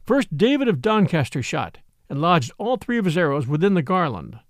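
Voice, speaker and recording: A man narrating a classic adventure story in an expressive, dramatic reading. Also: a little high, normal speed, no echo, studio quality. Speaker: audiobook narrator.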